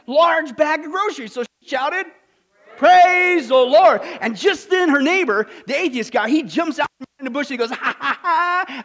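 A man preaching a sermon as a pastor. He tells a story with lively energy and keeps checking in with his listeners with "okay?" and "amen?". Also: very high-pitched. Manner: animated storytelling, quizzing the audience with "okay?" and "amen?".

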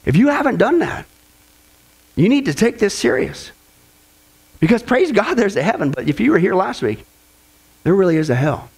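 A man's voice: very animated, moderate pace, vocal fry, long pauses, darkish tone, slightly rough. A man preaching a sermon as pastor, emphatic and earnest, stretching his words and leaning hard on key phrases. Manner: emphatic, rising to a high pitch on quotes.

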